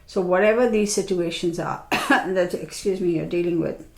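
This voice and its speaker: A woman's voice: fairly low pitch, normal speed, gravelly, reverberant. A woman reading tarot cards. She sounds tired and congested from allergies, and she talks in a chatty, reassuring way with many fillers. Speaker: tarot reader.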